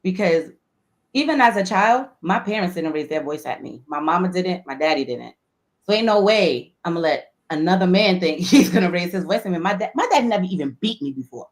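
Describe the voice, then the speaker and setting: A woman's voice: fairly low pitch, expressive, a little fast. A woman co-hosting a live online panel talk, speaking bluntly and emphatically with plenty of slang. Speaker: co-host.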